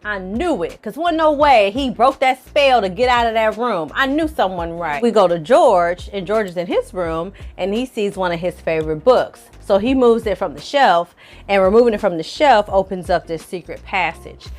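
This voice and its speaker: A woman hosting her own channel, recapping a TV episode in a lively, slangy storytelling style. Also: mid-range voice, moderate pace, faint music behind. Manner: animated, slangy storytelling with acted quotes. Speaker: film reviewer, channel host.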